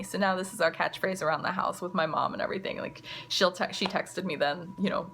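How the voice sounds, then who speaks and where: A woman's voice: on the low side, a little fast, gravelly, hardly any pauses, fairly bright tone, a little hiss or hum. A mother telling a story to camera in a chatty, casual way, full of "like" and "you know.". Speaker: mother and vlogger.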